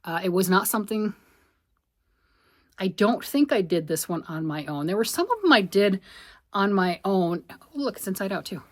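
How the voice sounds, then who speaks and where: A woman hosting a casual craft vlog, chatting as she digs through finished hats and projects. Her voice sits in a middle pitch. She rambles and thinks out loud, sometimes dropping into a near whisper. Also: expressive, normal speed. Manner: chatty, rambling, talks to herself while sorting. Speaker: knitting and crochet vlogger.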